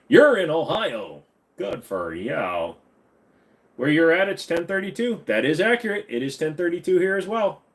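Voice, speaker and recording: A man's voice: on the high side, sing-song, normal speed. Chatty man hosting a livestream Q&A. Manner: rambling, jokey, reads and answers chat questions. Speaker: livestream host answering chat. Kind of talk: casual livestream Q&A. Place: home computer room.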